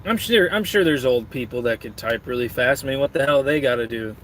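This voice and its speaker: A man's voice: mid-range voice, a little fast, fairly bright tone, a little hiss or hum. A man streaming and reading his chat, rambling in a crude, joking way while snacking.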